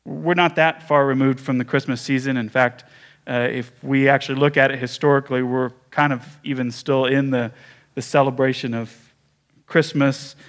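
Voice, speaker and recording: A man pastor preaching a sermon, telling a story with measured pauses and small restarts. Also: medium pitch, fairly even intonation.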